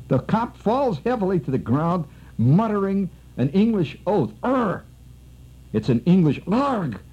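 A man telling a long comic story on the radio in a rambling, wry way, his voice leaping high when excited. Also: slightly rough. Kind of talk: animated spoken storytelling. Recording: dull lo-fi old radio recording.

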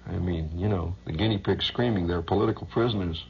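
A man's voice: deep voice, fast, creaky, highs cut off, a little hiss or hum. A man hosting a radio show, rambling through a loose monologue, chuckling often and humming nonsense syllables. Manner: rambling, chuckling, hums sing-song nonsense. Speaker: radio host.

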